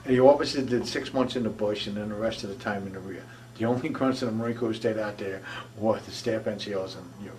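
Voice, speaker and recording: A man's voice: fairly low pitch, quick pace, a little mellow, a little hiss or hum. An older man, a military veteran, telling his war memories in a rambling conversational way with many restarts. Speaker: veteran interviewee. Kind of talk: oral history storytelling. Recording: voice from a distance from the mic.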